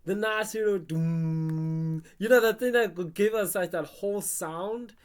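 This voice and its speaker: A music producer chatting casually on a live stream, talking to themself and the chat and humming basslines while working. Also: unhurried, smooth. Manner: chatty, talks to self and chat, hums basslines.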